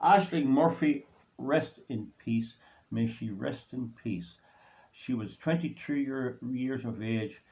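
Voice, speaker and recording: This fairly low, darkish male voice belongs to an Irish host of his own commentary channel. Alone on the mic, he rambles indignantly and grows heated, captured on a dull lo-fi recording.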